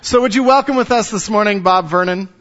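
A man introducing a guest speaker at church, talking in halting bits with many fillers. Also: high-pitched, fairly bright tone, highs cut off.

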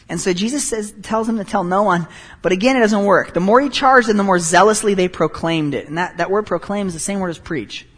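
A man preaching a sermon as pastor, animated, moving between quiet and loud passages. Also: high-pitched, a little fast, breathy edge, big-room sound.

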